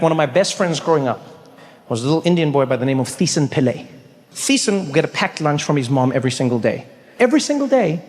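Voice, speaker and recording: A man from South Africa telling a stand-up comedy story, acting out voices with big jumps in pitch. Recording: large hall with long reverb, faint ambience.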